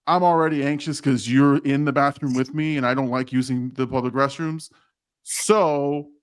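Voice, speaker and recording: A man co-hosting a casual podcast, telling animated stories full of quoted dialogue, with frequent restarts. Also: fairly high pitch. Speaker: podcast co-host, HR professional. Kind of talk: casual chat.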